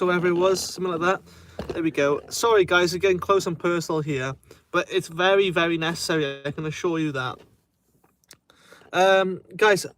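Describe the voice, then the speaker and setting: A man's voice: a little high, a bit bright, a little hiss or hum. A man with a Welsh accent chatting casually on a phone livestream, rambling and hesitant, swearing freely. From Wales. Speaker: self-help vlogger. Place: outdoors in a remote spot. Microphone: phone held in hand.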